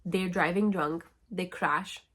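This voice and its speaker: A woman's voice: fairly low pitch, fairly even intonation, slow pace, a bit bright. A woman who is a book vlogger, summarizing novels in a casual, wry and sarcastic way.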